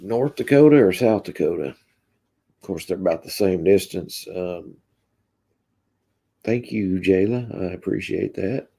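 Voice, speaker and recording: Slow, gravelly Kentucky drawl man. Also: low voice. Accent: Kentucky Southern drawl. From Kentucky, USA. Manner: relaxed drawl, reads and answers chat aloud. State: congested with a cough. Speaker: livestream host. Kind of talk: casual livestream chat reading viewer comments.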